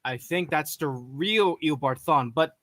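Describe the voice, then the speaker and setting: Bright-voiced young man, eager. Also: fairly high pitch, unhurried, no room sound. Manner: enthusiastic, slangy. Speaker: channel host. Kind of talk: casual reaction chat.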